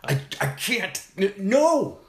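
A man whose voice sits high takes his time recounting a funny story for a podcast, keeping it casual. He's animated and often laughs while acting out what others said, and the space sounds echoey.

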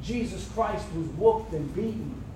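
A man's voice: high voice, lively intonation, unhurried, noisy background. A man preaching a sermon to a congregation in a room, tossing rhetorical questions out for them to answer.

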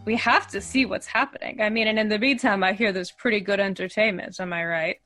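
A woman's voice: mid-range voice, steady tone, a little fast, sharp tone, soft background music. A woman voicing a pushy, smug, rich fat man at an arena who pries with chummy questions.

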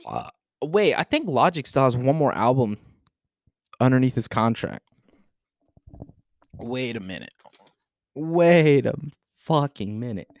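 A man hosting a casual solo podcast, reacting to a news post in a profane, excitable, rambling way into a desk microphone. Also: medium pitch, slow pace, gravelly, long pauses, dry recording, clean studio sound. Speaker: podcast host.

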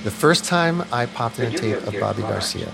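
Candid, animated male interviewee, mid-pitched, over music. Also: moderate pace, gravelly. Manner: frank, animated, colloquial. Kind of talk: candid personal storytelling.

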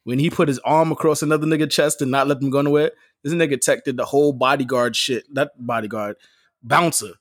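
A man on a casual podcast telling animated stories, acting out quotes and laughing often. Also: medium pitch, a little fast, no room sound, clean studio sound. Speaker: podcast co-host. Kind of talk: casual storytelling banter.

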